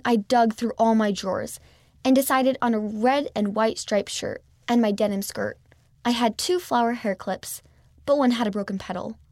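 A woman reads a children's story aloud in first person, gently and expressively. Her voice sits a little high, with a gravelly, fry-edged texture, and it is recorded dry and close. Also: dry recording. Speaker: storybook reader.

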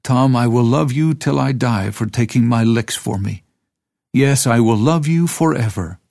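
A man reading the part of a poor, frightened ten-year-old boy, soft and pleading. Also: medium pitch, unhurried, creaky, dry recording, studio quality.

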